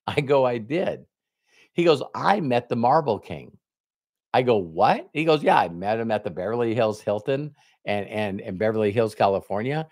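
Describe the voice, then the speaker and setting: A middle-aged network marketing trainer gives a motivational business talk in a medium-pitched, slightly mellow voice with lively intonation and a moderate pace. He tells a story and acts out both sides of a conversation, retelling the dialogue. The recording is studio quality with no echo.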